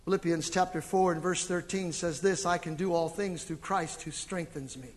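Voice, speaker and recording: A middle-aged man preaching a sermon as pastor, animated and emphatic, with sudden loud swells. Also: a little high, moderate pace, hardly any pauses, long reverb tail. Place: church sanctuary.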